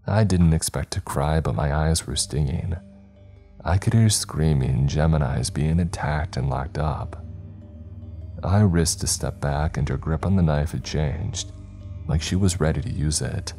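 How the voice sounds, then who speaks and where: A man narrating a horror story in a measured, dramatic way. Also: a bass voice, warm tone. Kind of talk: scripted narration. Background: faint background music.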